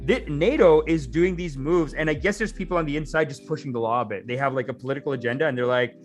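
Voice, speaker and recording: A man's voice: a little high, fast talker, soft background music. A man co-hosting a casual political chat, chatty, laughing easily and reading things aloud off the screen. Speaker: podcast co-host.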